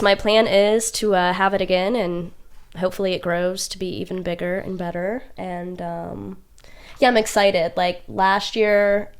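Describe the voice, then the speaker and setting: Woman, podcast guest, nasal, congested, lowish pitch, relaxed rambling chat. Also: clean tone. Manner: relaxed, rambling, uses many fillers. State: stuffy, nasal from a cold. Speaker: podcast guest, market organizer. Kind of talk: casual interview chat.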